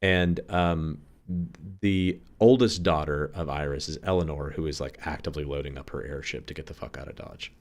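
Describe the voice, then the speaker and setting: Low-voiced guy running a tabletop game, casual, lots of ums, laughs a lot. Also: fairly even intonation, moderate pace. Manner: casual, filler-heavy, laughs often. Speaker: game master.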